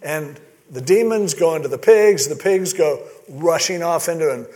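A man's voice: fairly high pitch, moderate pace, mellow. A man preaching a sermon in a casual, conversational way, acting out the quoted lines with animation. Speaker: pastor.

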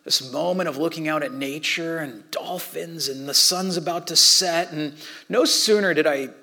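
Animated male pastor preaching. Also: fairly high pitch, normal speed. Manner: animated storytelling, dropping to soft near-whispers. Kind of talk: sermon.

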